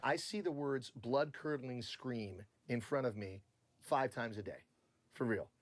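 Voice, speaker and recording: A male voice actor chatting in an interview at a middle pitch, breaking into little vocal demonstrations. The sound is close and dry with no room echo. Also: a little slow. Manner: animated, demonstrating voices as he talks. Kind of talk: casual interview.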